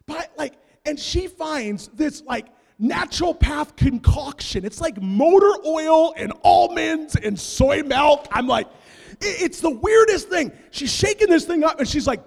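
A man with a fairly high voice preaches in a big hall, and his words ring out with a long echo. He tells his story with comic energy, going from quiet asides to loud bursts. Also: measured pace, gravelly. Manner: animated comic storytelling, big swings in loudness. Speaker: pastor. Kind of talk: sermon. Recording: long reverb of a large hall.

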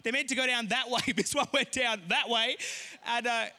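High, bright-voiced male preacher. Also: normal speed. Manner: animated storytelling, rising to shouts. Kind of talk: sermon with a personal story.

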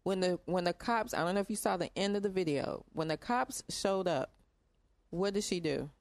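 A woman with a lowish voice talks frankly as a podcast co-host, backing up her points with examples. Her delivery is teasing and direct. The sound is dry and close. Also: normal speed, no echo. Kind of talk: casual chat.

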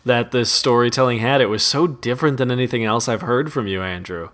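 A man's voice: medium pitch, brisk, a bit bright. Rambling, enthusiastic man in casual chat. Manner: enthusiastic, rambling, many restarts. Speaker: podcast co-host.

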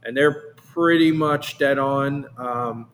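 A man talks casually in an interview about running his meadery. His voice sits at a middle pitch. He rambles, doubling words and starting sentences over as he goes. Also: slow pace, a bit bright, slight background noise. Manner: rambling, repeats words and restarts often. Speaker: meadery owner.

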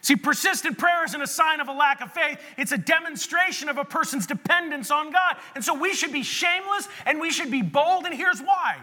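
A man preaching a sermon as pastor, telling stories in an animated way and often restarting his sentences. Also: very high voice, a little fast, hardly any pauses. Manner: animated storytelling with repeated restarts. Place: church sanctuary. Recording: long reverb of a large hall.

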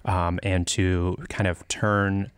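Host interviewer, low resonant man's voice, dry close sound, restarts often. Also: flat delivery, slow, smooth, no echo. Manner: probing questions with frequent restarts. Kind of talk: conversational interview.

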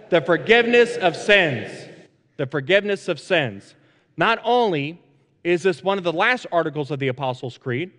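Pastor preaching in a reverberant sanctuary. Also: male voice, sits high, a bit bright. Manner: repetitive, measured, frequent "uh" fillers. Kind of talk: sermon. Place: church sanctuary. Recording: long reverb in a large sanctuary.

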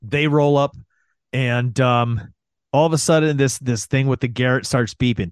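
A man casually recapping a movie plot, telling it with lively put-on voices for the characters. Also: mid-range voice, normal speed, no echo. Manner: animated retelling with voiced impressions. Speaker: podcast co-host.

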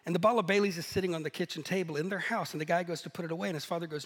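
A man preaching a sermon, telling stories in a lively, animated way and laughing at himself now and then. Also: high-pitched, very fast, hardly any pauses. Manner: storytelling, animated, self-deprecating laughs. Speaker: pastor. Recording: echoey hall.

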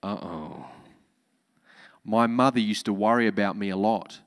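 A man's voice: lowish voice, fairly even intonation, a little fast, clean tone, big-room sound. A man preaching a sermon as pastor, emphatic, repeating key lines with joking asides.

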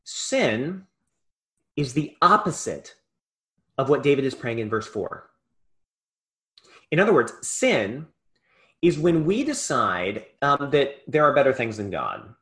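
A male preacher giving a sermon, impassioned, swinging between loud emphasis and hushed asides. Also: mid-range voice, sing-song, slow, long pauses.

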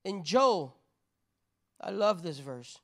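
A woman's voice: lowish voice, very animated, takes it slowly. A woman preacher giving a sermon in a conversational way, with rhetorical repeated questions and a habit of asking "right?".

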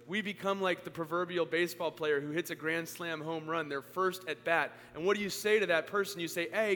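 A male pastor preaching a sermon to a congregation. He speaks earnestly, rising to emphatic peaks and then dropping low. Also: fairly even intonation, a little fast, hardly any pauses, sharp tone. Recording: long hall reverb, faint hum.

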